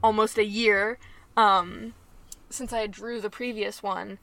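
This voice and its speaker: A woman's voice: mid-range voice, steady tone, takes it slowly, creaky, a bit bright. A woman co-hosting a tabletop podcast, chatting casually with lots of ums and likes. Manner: rambling, many ums and likes. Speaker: podcast co-host and tabletop player. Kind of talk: casual chat.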